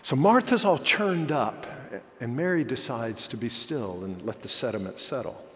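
A man's voice: medium pitch, lively intonation, normal speed, big-room sound. A male pastor preaching a sermon in a conversational, self-deprecating manner.

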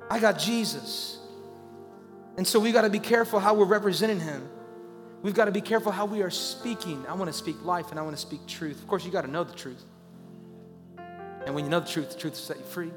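A man preaching a sermon as a pastor, talking conversationally and rising into loud, urgent pleas. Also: high-pitched, in a large hall.

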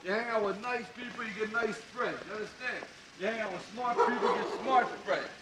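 An actor playing a streetwise boxer who lectures a young girl in rough, mumbled street slang, in a film clip. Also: high voice, fairly quick, noisy background, close to an everyday voice. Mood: lecturing. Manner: rambling fatherly lecturing. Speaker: film character.

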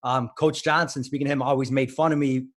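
In a fast, mid-range voice with fairly even intonation, a Highland Park, Illinois man in his thirties recounts stories. The ex-wrestler is a guest in a casual interview and often uses fillers and restarts his sentences.

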